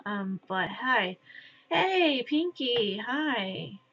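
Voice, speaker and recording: A woman streamer crafts while chatting casually with viewers, rambling and distracted and sometimes muttering softly to herself. Her voice is medium in pitch and slow, and she wears headphones. The stream audio is dull and lo-fi.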